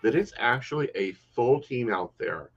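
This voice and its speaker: A man hosting a casual podcast chat, telling stories in a lively way and quoting himself. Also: mid-range voice, measured pace, highs cut off. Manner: animated storyteller, quotes himself. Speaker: podcast host.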